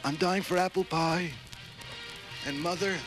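A man's voice: high-pitched, steady tone, unhurried, over music, voice pushed up. A man playing a dying war-movie soldier, giving an overblown patriotic deathbed speech. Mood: mock-solemn.

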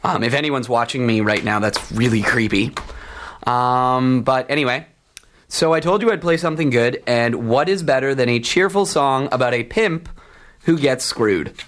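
A man's voice: medium pitch, moderate pace, a bit bright. A man hosting a campus radio show, chatting casually and rambling with many ums and uhs, joking at his own expense. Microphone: studio microphone.

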